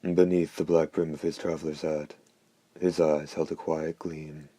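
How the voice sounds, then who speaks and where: A man narrates an audiobook in a steady, unhurried reading. His voice is extremely deep, dark and monotone. The recording is close and completely dry. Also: no echo. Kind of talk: scripted narration.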